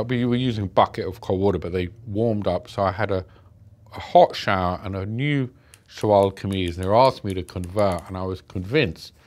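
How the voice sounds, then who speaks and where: Middle-aged british guy, lowish voice, telling his story slow and halting. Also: a little mellow, a little hiss or hum. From Britain. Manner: reflective, halting, many restarts. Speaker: interview guest. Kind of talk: personal storytelling in an interview.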